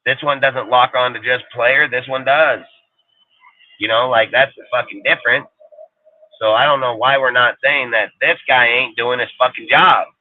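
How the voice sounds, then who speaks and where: A man's voice: medium pitch, steady tone, normal speed, no room sound. Profane ranting man on a tinny line. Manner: profane, emphatic, repetitive. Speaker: sports podcast host. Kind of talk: heated casual rant. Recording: dry, phone-like line.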